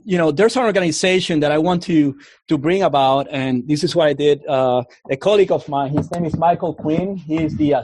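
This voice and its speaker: A man's voice: fairly high pitch, darkish tone, dry recording, studio quality. A man with a Canadian accent, a guest in a casual interview, talking earnestly and restarting his words often. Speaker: guest, army officer.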